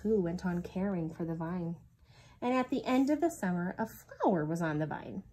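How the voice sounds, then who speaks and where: A woman reading a children's storybook aloud in an expressive, sing-song storytelling manner. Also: on the low side, moderate pace, slight background noise, rough recording. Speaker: reader.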